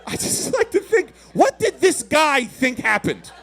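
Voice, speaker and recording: Animated stand-up man, high and lively. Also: unhurried, vocal fry. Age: 30s. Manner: animated, acts out voices with big pitch swings. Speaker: stand-up comedian. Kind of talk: stand-up storytelling.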